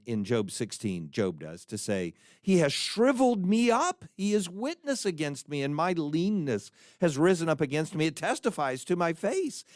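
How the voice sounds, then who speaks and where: Animated man teaching scripture. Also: a little high, no room sound, clean studio sound. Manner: earnest and animated, quoting scripture with feeling, small restarts. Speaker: podcast co-host teaching on scripture. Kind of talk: conversational Bible teaching.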